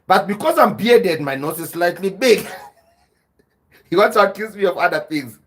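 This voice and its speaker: Animated South African man hosting a podcast. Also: high-pitched, normal speed. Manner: animated, laughing, addresses viewers as guys. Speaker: podcast host. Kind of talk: livestream talk reading viewer chat.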